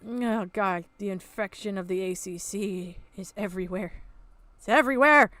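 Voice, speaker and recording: A woman's voice: medium pitch, normal speed, a bit bright. A woman hosting a reaction commentary, ranting in a sarcastic, exasperated way and swearing freely. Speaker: commentary channel host.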